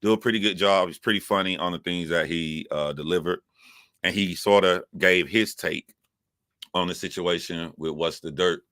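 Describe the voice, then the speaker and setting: At home on his phone, a YouTube livestream host rambles through a casual monologue, restarting sentences, correcting himself and addressing viewers directly. His voice is very low, bright and forceful, delivered at a moderate pace, and the sound is dry and close with no echo.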